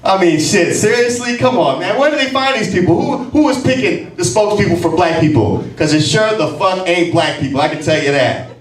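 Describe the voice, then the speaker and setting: A man's voice: sits high, expressive, a little fast. A man in his forties doing a brash, profane, mocking stand-up routine on a comedy club stage. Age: 40s. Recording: echoey club sound from a distant mic.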